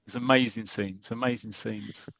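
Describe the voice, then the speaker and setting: A man hosting a podcast, retelling a comic story in casual chat, animated, often repeating himself and acting out the characters' lines. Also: lowish voice, normal speed, gravelly, no room sound, rough recording.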